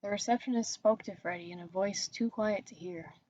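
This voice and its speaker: A woman narrating a horror story in a steady, even reading voice. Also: medium pitch, a little fast, muffled recording. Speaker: story reader.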